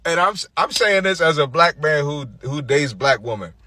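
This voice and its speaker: Blunt, mocking man with a bright voice. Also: on the high side, animated, moderate pace, no room sound. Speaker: online commentator. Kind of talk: blunt social media rant.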